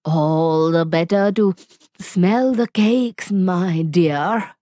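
A sly, growling big bad wolf from a storybook, as a woman reading aloud puts him on. He talks slowly and low, with a menacing drawl, in a dry close recording. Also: mellow, no room sound.

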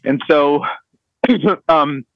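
A man's voice: on the high side, drawn-out words, no echo, muffled recording. A man telling a navy story on a podcast in a rambling, laughing way, full of fillers and restarts. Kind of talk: casual storytelling among friends.

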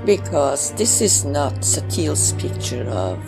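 Let's-play host, woman, slow, gravelly, emotional commentary. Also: low-pitched, sing-song, music in the background. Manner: emotional, reflective. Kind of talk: gameplay commentary.

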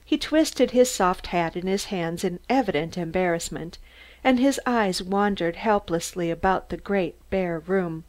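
A woman giving steady, measured audiobook narration. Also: lowish voice. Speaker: audiobook reader.

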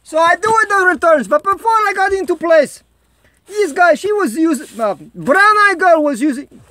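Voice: very high-pitched, expressive, normal speed, pushed and bright, dry recording, heavily acted. A performer putting on a Russian-accented home vlogger who rambles in broken English, making jokey asides. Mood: chatty. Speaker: vlog host. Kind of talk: comedic home vlog monologue.

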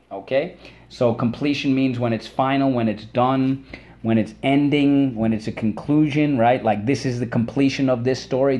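A male teacher giving a children's spelling and vocabulary lesson, upbeat, drilling each word syllable by syllable and pausing for the class to repeat. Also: medium pitch, darkish tone.

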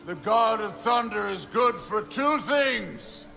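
An actor playing a boastful, brutish male thunder god who speaks in a slow, gravelly, commanding voice. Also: sits high, lively intonation, heavily acted. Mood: boastful, menacing. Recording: loud game music behind.

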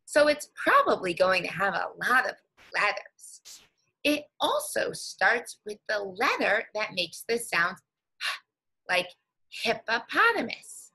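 A woman teacher leading a guided reading lesson for young children, speaking slowly and encouragingly and stretching out words. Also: medium pitch, big pitch swings, sharp tone, breathy edge, low-quality recording.

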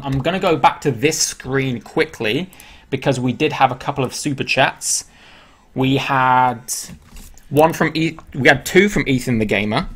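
A man's voice: mid-range voice, fairly bright tone. A man hosting a live stream, chatting casually and joking about each card as he opens it.

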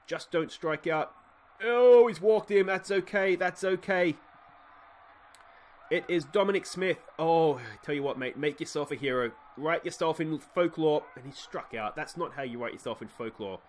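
An Australian man giving excitable play-by-play commentary on a baseball sim game, swinging from muttered asides to shouted cheering at a desktop microphone. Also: on the high side, normal speed. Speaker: let's play host.

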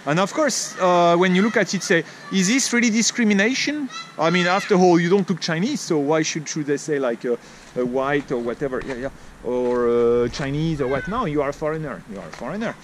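A man's voice: fairly high pitch, moderate pace. A man from France with a French accent, chatting in a rambling way with many fillers while walking outdoors for his vlog. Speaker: vlogger. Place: outdoors on a town street. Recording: outdoor street traffic noise.

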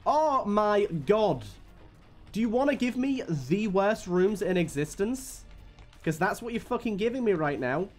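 A young man commentating his own gameplay on a live stream, his voice rising high and dropping low as he grumbles at the game. He swears freely and sounds worn down by bad luck. A faint music track runs behind him. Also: expressive, unhurried. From United Kingdom.

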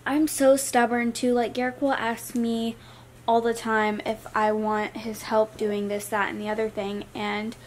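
Young woman, vlogger, rambling casual chat, soft-spoken, a bit high-pitched, faint hum behind. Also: little pitch movement, unhurried.

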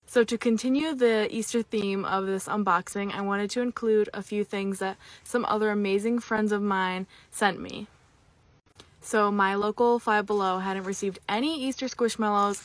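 A woman excitedly showing off her finds in an unboxing. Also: medium pitch, no echo. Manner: excitable, squealing. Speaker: unboxing video creator. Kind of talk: casual unboxing chat.

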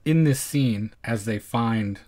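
Male co-host, middle-pitched, dry wit, casual film-chat delivery. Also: takes it slowly, darkish tone. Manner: wry, dry jokes. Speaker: podcast co-host.

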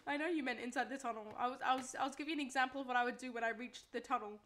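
Australian woman, live gamer, pitched slightly high, frustrated and begging, chatty with her viewers. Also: steady tone, very fast, fairly bright tone. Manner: exasperated, pleading, talks to chat. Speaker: streamer. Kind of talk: casual live-stream gaming chatter.

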